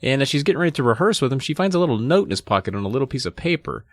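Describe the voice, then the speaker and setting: Speaking rapid-fire in a mid-range voice, this male host of a laid-back book podcast recounts the plot and reads passages out loud. He animates each character with a lively voice. The recording is dry.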